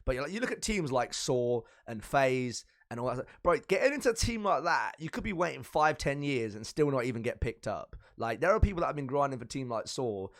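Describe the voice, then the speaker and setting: Animated British man with a gravelly voice. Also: medium pitch, fairly quick, few pauses. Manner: animated, hype, swears freely. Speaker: stream team lead and interviewer. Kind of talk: casual interview chat.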